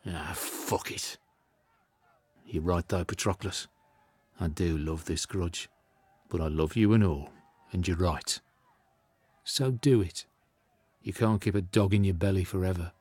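An actor with a Birmingham accent playing a proud, sulking Greek warrior hero in a radio drama, swinging between sulky mutters and shouts. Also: male voice, deep voice, unhurried, husky, no echo. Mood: aggrieved.

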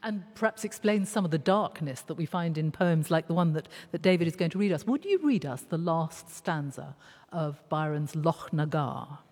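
Low-voiced woman hosting a discussion. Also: animated, moderate pace, a little mellow, big-room sound. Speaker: host. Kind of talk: presenting a discussion.

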